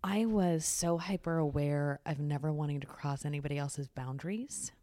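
A woman's voice: low voice, moderate pace, warm tone, no echo. A woman talking frankly in a candid conversation, swearing freely and acting out what other people say. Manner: frank, swears freely, acts out quoted voices.

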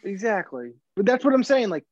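Rambling man with a higher voice. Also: big pitch swings, a little fast, darkish tone, dry recording. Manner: rambling, many fillers and restarts, swearing freely. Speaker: podcast co-host. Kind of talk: casual sports podcast chat. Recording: dull, dry sound.

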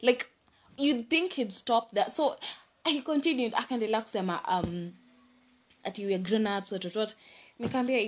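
A young woman with a Kenyan accent telling a story in a casual vlog, animated and mixing English with Swahili slang. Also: medium pitch, moderate pace. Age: young adult. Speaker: vlogger. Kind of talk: storytime chat.

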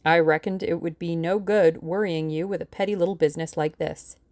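A woman's voice: fairly low pitch, steady tone, a little fast, a little mellow, close to an everyday voice. A woman voicing a brash, blunt, wealthy young man.

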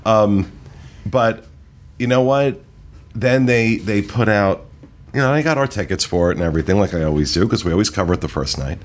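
Podcast host, male, very low pitch, loose and eager, lots of fillers. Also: expressive, fairly quick. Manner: rambling, enthusiastic, many fillers. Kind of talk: casual podcast discussion.

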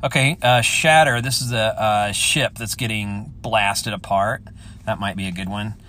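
A man's voice: fairly low pitch, fairly even intonation, unhurried, bright, forceful tone, a little hiss or hum. Man thinking aloud, casual and chatty. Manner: rambling, thinking aloud, enthusiastic. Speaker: podcast host. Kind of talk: casual solo chat.

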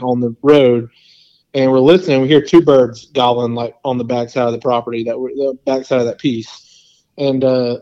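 A man in the middle of a long, rambling story, full of "like" and quoted back-and-forth. His voice sits at an ordinary middle pitch. The recording sounds a little dull and lo-fi. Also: dark tone. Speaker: podcast guest. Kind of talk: casual storytelling.

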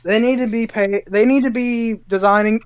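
A man's voice: high-pitched, fairly even intonation, moderate pace, clear, resonant tone, no room sound. A man co-hosting a podcast in casual chat, wry and joking. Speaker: podcast co-host. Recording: dull dry mic.

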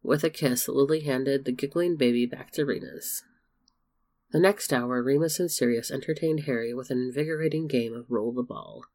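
A man narrating a story in a steady, measured reading voice. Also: mid-range voice. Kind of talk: storybook fan fiction reading.

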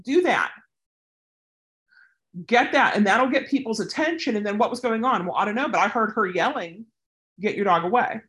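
A service dog handler in a casual advice vlog rambles through her answer to a viewer's question, chatty and full of tangents. Her expressive voice is on the high side and a bit bright, with a moderate pace and frequent pauses.

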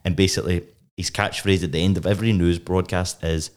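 A young man co-hosting a casual podcast chat, rambling and excitable, full of restarts. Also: low-pitched, fairly quick. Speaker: podcast co-host. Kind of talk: casual chat reviewing a TV episode.

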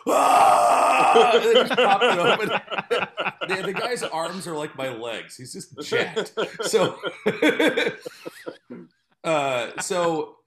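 A man's voice: high-pitched, expressive, slow pace, a loud crowd. A man telling a funny story in casual chat, laughing often as he talks. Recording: echoey room.

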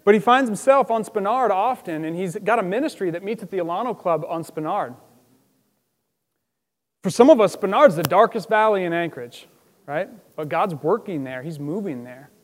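A man with a high voice preaches a casual, animated sermon. He acts out quotes with sudden loud outbursts. His voice carries a long reverb from the church hall around him. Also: normal speed. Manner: lively, conversational, acts out quotes with loud bursts. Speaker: pastor.

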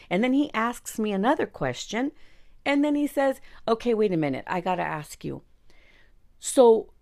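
A woman's voice: on the high side, sing-song, normal speed. A woman in her forties from East Los Angeles, telling a personal story as a podcast host in a blunt, profane, casual way. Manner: blunt and profane, talks straight to listeners.

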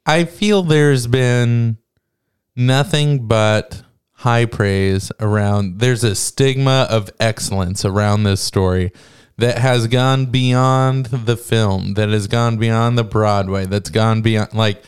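Guy hosting a podcast, slow and rambly, smooth clear voice. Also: fairly low pitch. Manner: playful, rambling, self-aware. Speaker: podcast host. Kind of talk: casual chat.

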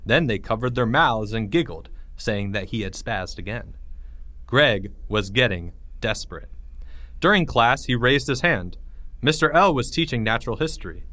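A man's voice: mid-range voice, moderate pace, no echo. A man reading his own children's story aloud and voicing each character in turn. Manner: expressive, plays each character. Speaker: author and audiobook reader. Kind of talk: scripted storybook narration.

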